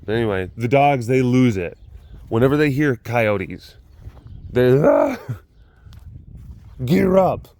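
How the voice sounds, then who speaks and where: A man's voice: mid-range voice, a little slow, a little mellow. A man hosting his own vlog from an animal facility, telling stories in a rambling, chatty way full of fillers. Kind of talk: casual chat.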